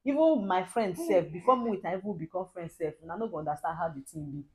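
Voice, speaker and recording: A Nigerian woman telling, in a lively and animated way, the story of how she met her husband, chatting at home. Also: lowish voice, quick pace, rough recording. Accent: Nigerian Pidgin. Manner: lively, animated storyteller who laughs often. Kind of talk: casual storytelling.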